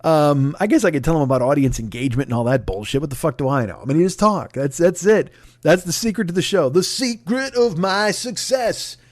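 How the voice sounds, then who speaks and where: A man's voice: mid-range voice, darkish tone, no echo. A man in his forties hosting his own podcast, rambling through plugs with self-deprecating, profane asides, recorded on a dry close mic. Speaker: podcast host. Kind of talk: casual solo podcast plugs.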